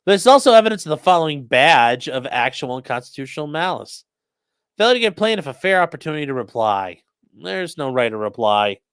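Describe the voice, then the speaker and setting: Bright, dry-voiced sarcastic male streamer. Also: a little high, very animated, fairly quick, smooth, no room sound. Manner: sarcastic, bursts into shouted mock voices. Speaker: streamer reading live chat. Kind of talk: live-stream commentary.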